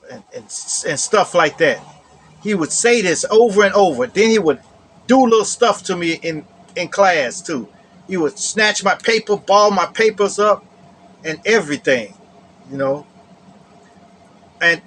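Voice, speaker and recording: A man's voice: sits high, a bit bright, a little hiss or hum. A man casually telling a personal story to camera. He often repeats his phrases and adds "you know.".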